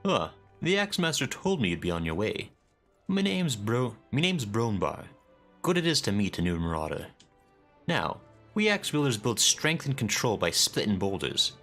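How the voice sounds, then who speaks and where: A man voicing a hearty male marauder trainer in a game, reading slowly and with emphasis. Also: on the low side, very animated, a bit bright, faint music behind, voice pushed up, heavily acted.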